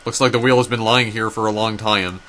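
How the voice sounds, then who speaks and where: A man's voice: on the low side, fairly even intonation, brisk, fairly bright tone, slight background noise. A man playing through a story game, reading its text aloud and adding casual remarks, often tripping over names. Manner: reads dialogue aloud, stumbles over names. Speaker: gameplay narrator.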